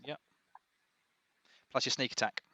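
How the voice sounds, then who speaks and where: Male game master, bright, chatty and casual. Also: measured pace, no room sound. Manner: relaxed, chatty, rambling. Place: home room with pets.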